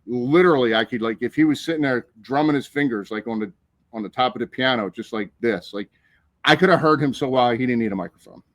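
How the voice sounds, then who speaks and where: A man's voice: mid-range voice, quick pace, dry recording. Podcast guy telling a story, swears a lot, does all the voices, dry close sound. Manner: animated, profane, acts out the people in his story. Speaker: podcast co-host. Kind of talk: casual storytelling chat.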